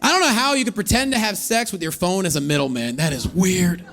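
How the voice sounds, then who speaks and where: A man in his thirties doing a stand-up comedy set on stage, telling stories with animated delivery and acting out other people's voices. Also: sits high, fairly quick, vocal fry, a faint crowd. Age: 30s. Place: comedy stage before a live audience.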